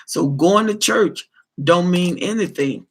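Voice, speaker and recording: Man pastor on a livestream: gravelly, fairly high voice, preachy, repeats himself for emphasis. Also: slow pace, fairly bright tone. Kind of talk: livestream talk answering viewer comments.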